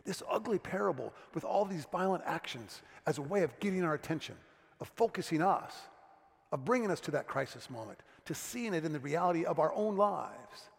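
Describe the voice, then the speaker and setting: A man preaching a sermon as a pastor, telling stories and dropping to a hushed tone for serious moments. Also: on the high side, expressive, brisk, vocal fry. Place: church sanctuary. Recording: long church reverb.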